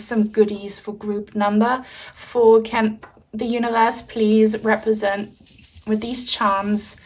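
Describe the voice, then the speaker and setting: A woman talking through a pick-a-card tarot reading in a loose, chatty, reassuring manner. Her voice sits at an ordinary middle pitch and is full of fillers. She is picked up from a little distance, so the mic sounds set back. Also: fairly bright tone. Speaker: tarot reader.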